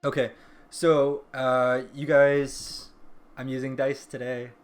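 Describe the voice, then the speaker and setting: A man narrating as game master of a tabletop game, often pausing with ums and restarting sentences. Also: mid-range voice, level tone. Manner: hesitant, full of ums and restarts. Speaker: dungeon master.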